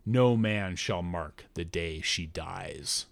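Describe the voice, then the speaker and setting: A man voicing a young female prophetess who chants verses slowly and solemnly in the voice of a god, in an audiobook. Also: sits low, creaky, no echo, voice pushed down, exaggerated voice. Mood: ominous. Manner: slow, solemn incantation.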